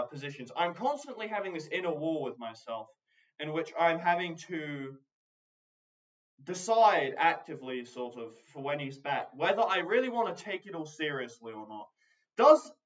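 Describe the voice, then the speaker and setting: Halting, glum man on lo-fi audio. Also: fairly high pitch. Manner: hesitant, halting, many restarts; glum, brooding. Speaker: video diarist. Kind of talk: personal video diary monologue.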